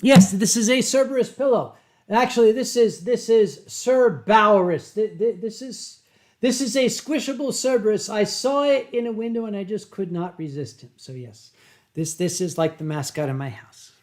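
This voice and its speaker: A man from Pennsylvania, USA, hosts a casual livestream from home, reading viewer comments and telling stories into a webcam mic. His high voice has lively intonation and drawn-out dramatic emphasis.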